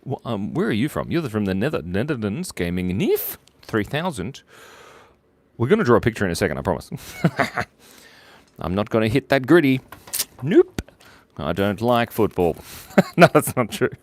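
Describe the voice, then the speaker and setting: A man's voice: on the low side, sing-song, normal speed, pauses often. A man hosting a casual live drawing stream, reading viewer chat aloud, telling silly jokes and giggling often. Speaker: livestream host drawing for viewers.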